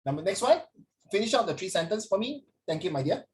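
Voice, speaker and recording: A man's voice: high voice, sing-song, fast talker, a little mellow. Playful male teacher. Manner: playful, teasing, jumps between English and Mandarin. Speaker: English teacher. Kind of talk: online class teaching.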